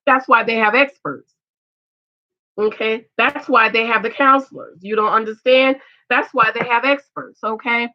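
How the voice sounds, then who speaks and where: A middle-aged woman giving loud, emphatic casual commentary on a reality show and reading viewer comments. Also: a little high, steady tone, moderate pace, muffled recording. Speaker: vlogger reviewing a reality show.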